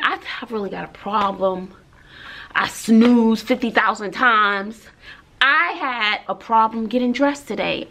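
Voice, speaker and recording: A woman's voice: mid-range voice, vocal fry, a bit bright, slightly rough. A woman teacher, chatting sassily to her viewers in a casual vlog, talking to them like girlfriends. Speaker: middle school teacher.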